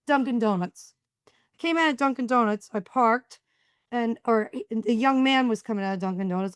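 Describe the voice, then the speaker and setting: A woman's voice: fairly high pitch, smooth, dry recording, studio quality. A middle-aged woman, a podcast guest, telling stories in casual talk and acting out the dialogue. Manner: animated storyteller acting out dialogue. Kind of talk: casual storytelling.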